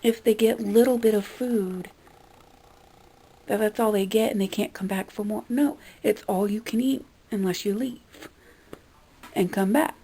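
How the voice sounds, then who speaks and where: In this low-quality recording, a young woman's warm, husky mid-range voice moves a little slowly with fairly even intonation. She's venting in a casual monologue vlog, exasperated and cursing, sometimes imitating the customers she complains about.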